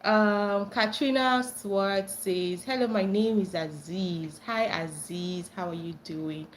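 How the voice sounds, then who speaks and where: A bubbly young woman with a Nigerian accent hosts a casual livestream chat in a mid-range voice. She reads out viewer comments and often bursts into high squeals of delight. A faint hiss of noise sits under her voice. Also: slow pace. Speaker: livestream host reading chat.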